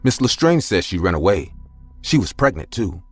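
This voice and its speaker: A man's voice: deep voice, very animated, moderate pace, slightly rough, dry recording, faint music behind, exaggerated voice. A man voicing a serious ten-year-old boy who speaks firmly and insistently. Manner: firm, insistent.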